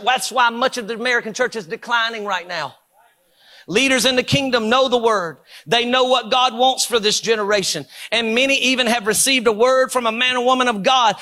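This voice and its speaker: A man preaching a Pentecostal sermon in a church, fervent and rhythmic, building to shouts with repeated phrases. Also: very high-pitched, in a large hall. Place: church sanctuary.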